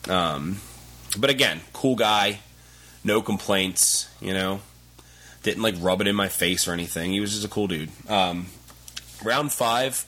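A man's voice: on the low side, measured pace, sharp tone. A man hosting a podcast, talking casually in a rambling, self-deprecating way. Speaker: podcast host.

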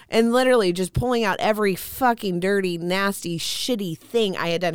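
A woman's voice: medium pitch, fast talker, few pauses, clean tone, dry recording, studio quality. A woman speaking as a spiritual reader, telling stories candidly in casual chat and swearing freely. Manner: candid storytelling with frequent swearing. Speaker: spiritual reader, podcast guest.

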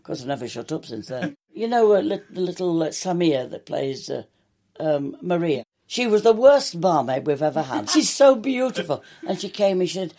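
A woman's voice: on the low side, big pitch swings, normal speed, warm tone. An older woman, a long-serving soap actress, chatting through anecdotes in an interview and acting out quoted dialogue. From England. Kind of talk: reminiscing interview.

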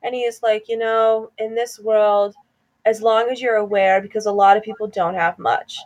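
A woman's voice: mid-range voice, steady tone, normal speed. A young woman casually chatting with a friend, jumping in to add to the story and quoting people. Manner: chatty, quotes people, chimes in with laughs.

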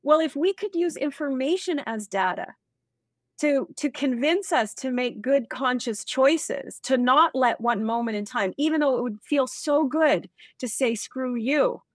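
A woman speaking as a leadership expert in an interview, energetic and acting out example dialogue as she explains. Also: sits high, measured pace, no room sound. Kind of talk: animated interview talk.

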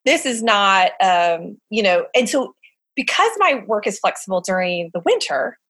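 A middle-aged woman speaking as an interview guest, telling stories in a casual, animated way with plenty of fillers and acted-out quotes. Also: medium pitch, unhurried. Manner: animated storyteller, acts out quoted voices, frequent fillers. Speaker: guest, summer camp director.

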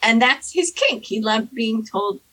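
Woman storyteller, casual chat, bright and husky tone, lively pitch. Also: unhurried, poor audio. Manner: animated, acts out quoted people in high squeaky voices. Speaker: storyteller guest. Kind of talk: casual anecdote telling.

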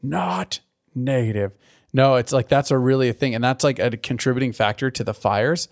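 A man's voice: mid-range voice, steady tone, quick pace. A man co-hosting a podcast, rambling in casual chat, swearing freely and laughing often. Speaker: podcast co-host.

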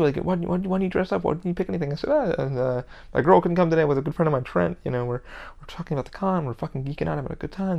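Male solo podcaster, gravelly voice, profane and rambling, passionate and blunt. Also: high voice, a little mellow. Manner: heavy swearing, rambling and emphatic. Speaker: podcast host. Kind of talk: casual solo podcast rant.

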